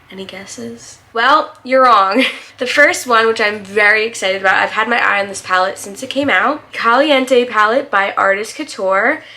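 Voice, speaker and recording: A woman's voice: mid-range voice, bright, forceful tone. A young woman with a slight lisp, chatting casually and bubbly as a beauty vlogger reviewing makeup.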